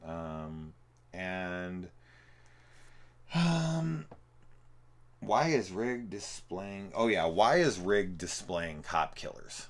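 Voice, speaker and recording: A man's voice: low voice, animated, very slow, pauses often. A young man giving a rambling, profane, casual review of a film, full of fillers. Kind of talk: casual movie review commentary.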